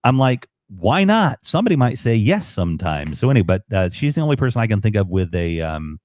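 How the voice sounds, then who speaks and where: A man on a late-night livestream, rambling and excited, with many ums, tired and up past his bedtime. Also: fairly low pitch, a little fast, no room sound. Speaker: guest on livestream. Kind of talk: casual chat.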